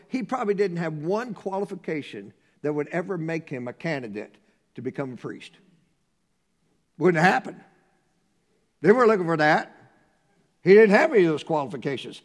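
A man preaching a sermon, reading scripture slowly and swinging from hushed tones to loud emphasis. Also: sits high. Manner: reads scripture in a slow, measured cadence.

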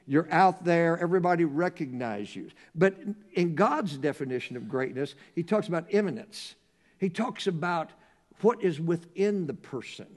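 A man preaching a sermon, reading scripture slowly and swinging from hushed tones to loud emphasis. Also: fairly high pitch. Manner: reads scripture in a slow, measured cadence.

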